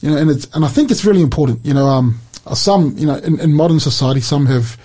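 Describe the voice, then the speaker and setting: Earnest New man, radio Bible teacher, husky and mellow, fairly high voice. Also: quick pace. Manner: earnest and animated, quotes scripture with emphasis. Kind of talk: Bible study chat on Christian radio.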